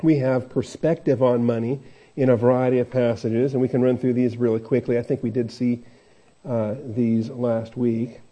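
Man preaching thru a bible chapter, super warm dark voice, lots of uhs and restarts, kinda muffled recording. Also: mid-range voice, level tone, moderate pace. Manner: conversational, with many fillers and restarts. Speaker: pastor. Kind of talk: verse-by-verse Bible teaching. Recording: dull lo-fi recording.

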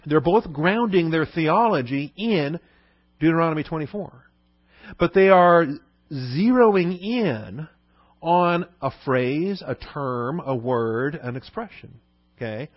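A man's voice: a little high, no echo, muffled recording. A man teaching a Bible lesson in a conversational sermon style, often asking the listeners "okay?". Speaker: pastor.

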